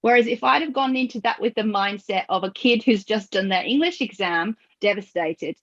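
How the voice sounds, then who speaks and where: A woman hosting a podcast, telling stories with lively acted-out quotes and frequent laughter. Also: medium pitch, moderate pace, few pauses. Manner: animated storyteller who acts out quoted voices and laughs often. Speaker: podcast host. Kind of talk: conversational podcast discussion. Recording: dull lo-fi audio.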